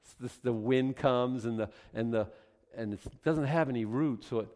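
A man preaching a sermon, acting out little scenes and swinging between loud outbursts and hushed asides. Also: medium pitch, moderate pace. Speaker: pastor.

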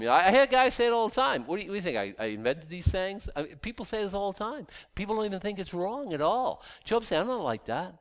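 A man teaches from scripture in loose, conversational talk, his pitch leaping up and dropping down as he goes. He trips over restarts and leans on sarcasm to make his point. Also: fairly quick, gravelly. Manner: animated, sarcastic asides, frequent restarts. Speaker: Bible teacher.

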